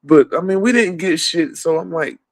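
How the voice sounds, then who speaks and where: A man's voice: a little high, normal speed, dry recording. Profane rambling man, close dry sound. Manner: profane, rambling, laughs often. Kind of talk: casual political rant.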